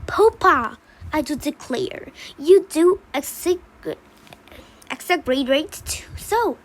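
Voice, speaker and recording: A woman's voice: high-pitched, unhurried, poor audio. A woman reading the part of a worried, dramatic mother pine tree in a storybook play. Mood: fretful. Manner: reads the role labels aloud between lines.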